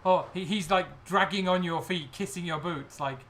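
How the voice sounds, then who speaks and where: Bright-voiced male game master. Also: high voice, moderate pace, few pauses, slight background noise. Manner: questioning, descriptive, with restarts. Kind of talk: narrating a tabletop game.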